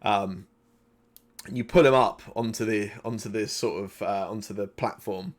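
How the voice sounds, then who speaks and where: A man's voice: fairly low pitch, moderate pace. A man running a live tabletop game as game master, narrating in a loose, conversational way with plenty of ums and likes.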